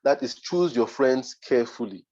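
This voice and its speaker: A man's voice: medium pitch, animated, moderate pace, darkish tone, highs cut off. A Nigerian man, a design mentor, giving a motivational masterclass talk, emphatic and repeating his points for force.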